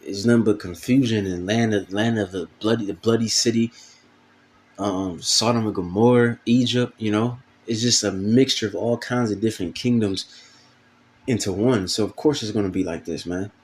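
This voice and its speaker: A man's voice: fairly low pitch, steady tone, moderate pace, slight background noise. A man giving an informal video sermon, casual and profane, full of fillers, reading scripture aloud between comments. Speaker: preacher.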